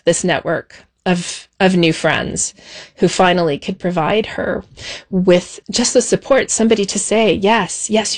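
A woman being interviewed, telling a childhood memory in a reflective, measured way with soft pauses. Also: on the low side. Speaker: interview guest. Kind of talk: personal recollection.

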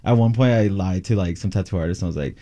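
A man's voice: sits low, rapid-fire, warm tone. A man telling a funny story in a casual group chat, joking and laughing a lot.

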